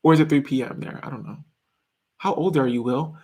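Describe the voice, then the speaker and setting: A man's voice: mid-range voice, fairly quick, darkish tone. A man in his twenties chatting casually on a live stream, reading viewer comments in a giggly, rambling way. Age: 20s.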